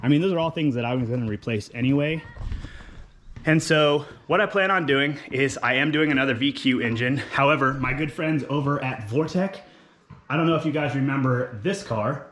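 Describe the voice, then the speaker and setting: Excited young man showing off a car. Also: mid-range voice, fairly quick, slight background noise. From California. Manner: enthusiastic, filler-heavy, talks with his hands. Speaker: car vlogger. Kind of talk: casual walkaround vlog.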